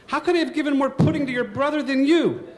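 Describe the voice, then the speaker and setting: A woman's voice: fast, close to an everyday voice. A man voicing his mother as an angry woman scolding her greedy son. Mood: furious. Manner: loud, shrill, furious.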